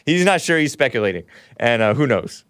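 A man's voice: mid-range voice, fairly bright tone, smooth, dry recording, studio quality. Sarcastic man hosting a live stream. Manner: sarcastic, mocking, reads chat aloud. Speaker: host. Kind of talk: opinionated live-stream commentary.

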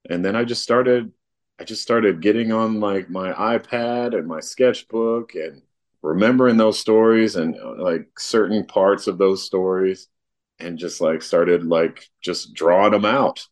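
A man talking casually in an interview, relaxed and rambling, with lots of fillers. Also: deep voice, unhurried. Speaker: guest, artist and father.

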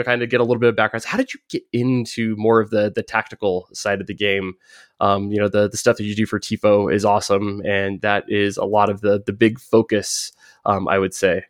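A man's voice: lowish voice, smooth, dry recording, studio quality. A man hosting a podcast, upbeat and chatty, with an enthusiastic, casual way of talking. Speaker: podcast host.

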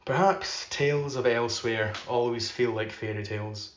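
A man hosting a podcast, giving a measured literary reading and chatting loosely between readings. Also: medium pitch, a little hiss or hum. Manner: measured, unhurried reading; loose and filler-heavy when chatting. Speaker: podcast host reading aloud. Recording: roomy, slightly dull recording.

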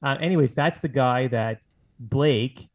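A man's voice: medium pitch, measured pace. A man hosting a casual podcast chat, thinking aloud and rambling with fillers. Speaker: podcast host.

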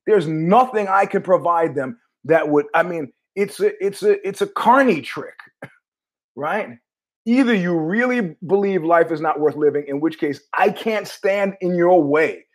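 A man's voice: high-pitched, unhurried. A man hosting his own show, telling rambling stories in a wry, profane monologue full of restarts. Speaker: podcast host.

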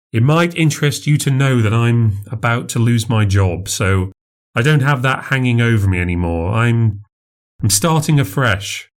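A man's voice: medium pitch, lively intonation, moderate pace. A man narrating a first-person horror story for a podcast, in a confessional, plainspoken way.

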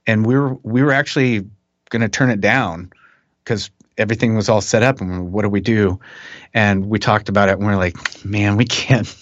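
A middle-aged man, a musician guest, telling stories in a relaxed, chuckling way with many restarts. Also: fairly low pitch, dry recording. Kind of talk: casual interview chat. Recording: dull dry podcast audio.

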